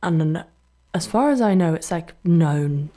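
A young woman from Brighton with a Brighton English accent, a student radio DJ chatting casually between songs, self-deprecating and laughing often. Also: deep voice, lively intonation, measured pace. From Brighton, England. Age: young adult.

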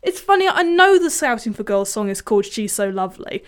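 A woman's voice: medium pitch, animated, a little fast, hardly any pauses, clear, resonant tone. A young woman hosting a music radio show, chatting casually and self-deprecatingly between songs.

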